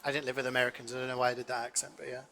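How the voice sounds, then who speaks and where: Guy, twenties, cooking streamer; bright, forward tone, loose rambling anecdotes full of ums and swearing. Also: medium pitch, completely flat delivery, racing. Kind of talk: casual chat while cooking.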